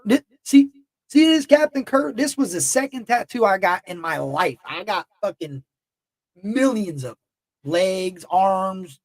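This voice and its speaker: A man with a high-pitched voice talks straight to his livestream chat, blunt and heated, swearing freely. He rambles and circles back on himself. The sound is dry, with no room echo. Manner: emotional and heated. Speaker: YouTube livestream host. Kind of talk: casual livestream talk to chat.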